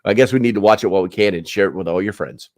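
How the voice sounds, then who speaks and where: A man's voice: lowish voice, racing, darkish tone, dry recording, studio quality. A man hosting a prepper channel, rambling through the news with sarcastic asides and lots of filler words. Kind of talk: casual news commentary.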